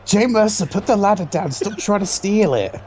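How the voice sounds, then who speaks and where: A man's voice: sits high, expressive, moderate pace, a little mellow, soft background music. A man doing joking, casual play-by-play commentary, sarcastic and swearing freely.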